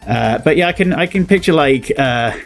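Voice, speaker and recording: A man's voice: a little high, expressive, normal speed, soft background music. A British man explaining slang in casual, rambling commentary, laughing often and acting out the phrases he quotes. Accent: British English. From England. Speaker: game developer and video host.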